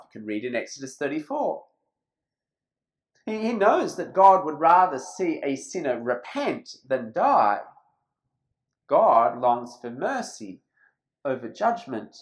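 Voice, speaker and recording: A preacher giving a sermon in church, with a middle-pitched voice that swings widely up and down. The delivery is emphatic, and the speaker slows right down to stress key phrases. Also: rough recording.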